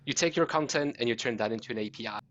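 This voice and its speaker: A man from Europe with a slight British accent, explaining a tech concept fluently as a podcast guest, with quick self-corrections. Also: mid-range voice, fairly bright tone, highs cut off.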